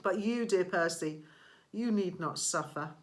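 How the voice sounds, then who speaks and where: A woman voicing a menacing female snake-haired monster who speaks in a slow, persuasive purr. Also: on the low side, natural voice. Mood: coaxing purr. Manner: purring and persuasive, turning to snarls.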